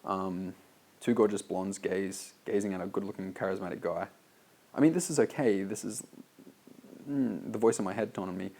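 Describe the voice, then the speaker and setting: An Australian copywriter with a low, gravelly, slightly mellow voice reads his own sales letter aloud and critiques it at a normal pace. He's loose and casual, saying "like" constantly and swearing freely.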